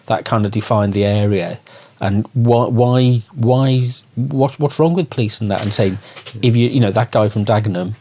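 A man's voice: on the low side, normal speed, few pauses, mellow. A man from Liverpool interviewing, asking thoughtful, probing questions with some hesitation. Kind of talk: conversational interview.

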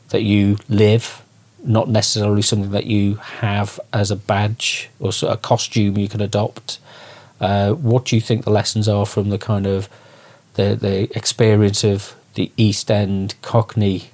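A man's voice: on the low side, flat delivery, normal speed, a little mellow. A man hosting a conversation, asking thoughtful, somewhat hesitant questions. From immigrant to his city. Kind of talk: conversational interview.

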